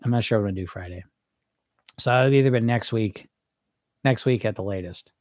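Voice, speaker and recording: A man's voice: fairly low pitch, brisk, darkish tone, no room sound, studio quality. A man hosting a weight loss coaching podcast, talking casually and energetically with frequent restarts and asides while answering listeners live.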